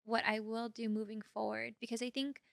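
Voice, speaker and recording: Bright-voiced animated young woman podcaster. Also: fairly high pitch, fairly quick, gravelly, no echo, studio quality. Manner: animated, giggly, many "like" fillers. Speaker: podcast co-host. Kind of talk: casual podcast chat.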